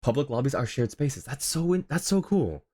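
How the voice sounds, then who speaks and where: A man's voice: mid-range voice, very animated, normal speed, dark tone. A man streaming a game in casual chat, effusively thanking viewers and laughing often. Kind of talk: casual live-stream chat while gaming.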